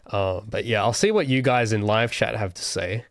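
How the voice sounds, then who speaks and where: A man's voice: lowish voice, normal speed, no echo, studio quality. A young adult man hosting a casual livestream Q&A, rambling and thinking aloud with many restarts. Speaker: solo game developer streamer.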